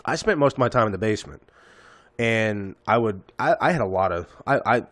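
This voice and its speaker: Man, thirties, low voice, dry close sound, swearing casually, rambling anecdote. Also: animated, a little fast, fairly bright tone, dry recording. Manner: profane, rambling storyteller. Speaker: podcast host. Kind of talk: casual storytelling.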